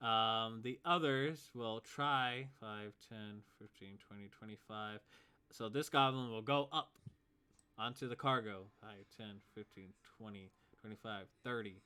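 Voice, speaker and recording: A man runs a tabletop game as its game master, his voice very bright and forceful. He is laid-back, chuckles easily and counts out movement step by step. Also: on the low side, measured pace, clean tone.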